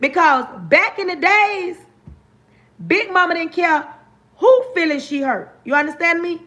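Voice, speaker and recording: A woman hosting a livestream gives preachy, motivational life talk that is emphatic and repetitive, often checking in with her listeners. Her voice is extremely high-pitched and sharp in tone, and she speaks a little slowly.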